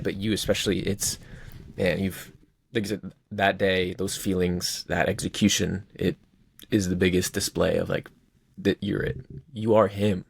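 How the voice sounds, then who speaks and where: A man's voice: deep voice, flat delivery, normal speed, creaky, breathy edge, dry recording. A man co-hosting a podcast in casual chat, talking with eager enthusiasm and laughing often. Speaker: podcast co-host.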